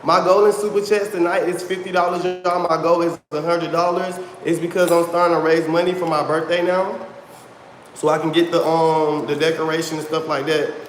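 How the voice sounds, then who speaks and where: On his own casual livestream, a man chats with his viewers head-on, addresses them as y'all, and often says things twice. His slightly high voice holds a level tone at a moderate pace. It sounds roomy, like a large hall, with a little hiss or hum.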